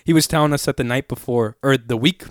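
A young man in casual chat, telling rambling, animated stories full of fillers and swearing. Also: medium pitch, quick pace, no echo, clean studio sound.

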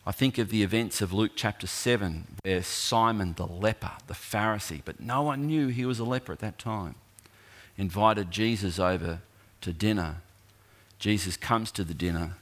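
A middle-aged man preaching a sermon, telling stories with long pauses and building intensity. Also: on the low side.

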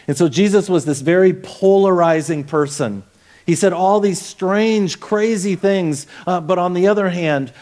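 A man preaching a sermon as pastor, telling the story in a conversational way that swings between quiet passages and loud, emphatic ones. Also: fairly high pitch. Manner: conversational with fillers and restarts.

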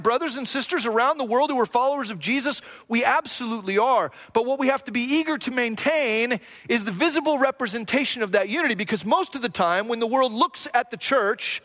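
A man's voice: very high-pitched, a bit bright. A middle-aged male pastor giving a sermon in an earnest, repetitive preaching cadence, with rhetorical questions and self-deprecating asides. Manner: self-deprecating asides, jokes about his own accent.

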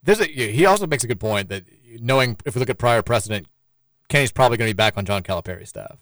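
A man hosting a sports talk show, reading listener messages aloud in a quick, rambling flow. His speech runs fast, and the studio sound is dry and close. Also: mid-range voice, lively intonation, fairly bright tone, no echo. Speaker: sports radio host.

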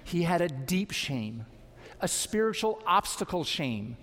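High-voiced man preaching in echoing hall. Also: sing-song, unhurried, fairly bright tone, slight background noise. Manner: earnest, emphatic preaching with rhetorical questions. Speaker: pastor. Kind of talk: sermon. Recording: long hall reverb.

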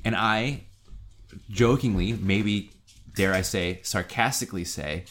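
A middle-aged man co-hosting a podcast, telling a story in a casual way and acting out quotes with sudden high-pitched jumps. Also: normal speed, slight background noise. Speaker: podcast co-host.

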